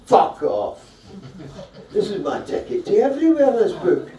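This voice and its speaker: A man putting on a greedy churchman who clings to his prize and snaps people away. He is curt and rude, with a raised, mellow voice. The sound is distant and roomy. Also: sits high, huge pitch swings, measured pace, pitched above the performer's own voice, exaggerated voice. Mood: scornful. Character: greedy possessive churchman guarding a holy book. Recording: roomy, distant mic at a live show.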